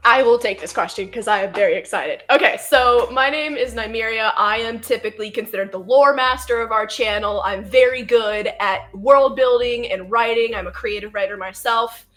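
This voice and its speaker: Excited woman guest, full of ums. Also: on the high side, normal speed, hardly any pauses. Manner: excited, many filler ums. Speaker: guest, channel lore master. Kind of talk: casual interview.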